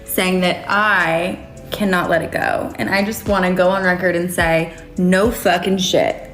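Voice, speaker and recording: A woman's voice: on the low side, fairly even intonation, normal speed, a bit bright, soft background music. An American woman telling a personal story in casual chat, candid and wry, with many filler words. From United States. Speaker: storyteller on a podcast.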